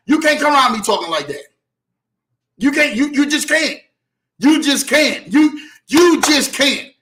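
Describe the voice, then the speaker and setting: High-pitched, bright, shouting man preacher. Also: expressive, moderate pace. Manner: preachy, repeats lines, often shouts. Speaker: host. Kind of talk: motivational faith talk.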